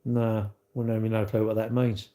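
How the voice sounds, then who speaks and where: A man's voice: on the low side, little pitch movement, normal speed, dark tone. A man hosting a casual live stream, rambling and blunt as he reads out viewer comments and laughs often.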